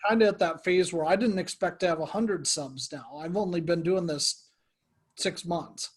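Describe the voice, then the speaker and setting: A man with a high-pitched voice talks shop in a relaxed conversation with another creator. He is chatty and informal and leans on filler words as he goes. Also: moderate pace, slightly rough. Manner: chatty, lots of "like" and "you know". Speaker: small guitar gear video creator. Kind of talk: casual chat between online creators.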